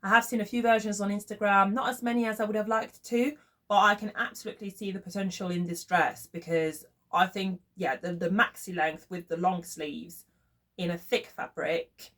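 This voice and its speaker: A woman's voice: medium pitch, steady tone, moderate pace, a bit bright. A woman with a French accent, whose first language is French, chatting enthusiastically as she reviews sewing patterns and thinks aloud. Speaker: sewing vlogger. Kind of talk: casual chat reviewing patterns.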